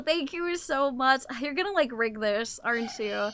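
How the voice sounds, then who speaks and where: Picture a young woman livestreaming who answers her chat on the spot, teasing and cursing as she goes. Her voice sits high and bright. The sound is close and dry, with no room around it. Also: animated, no echo. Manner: playful, teasing and swearing, quick reactions to chat. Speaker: streamer.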